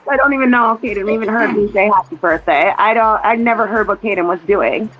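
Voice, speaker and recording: A woman's voice: mid-range voice, quick pace, crowd noise. Woman telling a story over a phone line. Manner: rambling storytelling, quoting others. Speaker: mother chatting with a relative. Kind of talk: casual chat.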